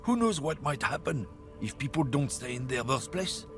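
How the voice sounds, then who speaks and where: Streamer doing a gruff bigoted trucker, swaggering and sneering, gravelly rasp, animated swoops in pitch, faint music behind. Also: male voice, moderate pace. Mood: boastful. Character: gruff bigoted middle-aged male trucker. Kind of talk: voicing game dialogue on a livestream.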